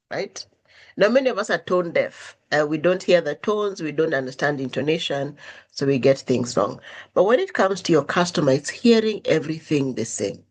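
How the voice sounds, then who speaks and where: Her husky voice sits low as she tells stories on her podcast in a conversational monologue. Animated throughout, she acts out the quoted dialogue with changing intonation.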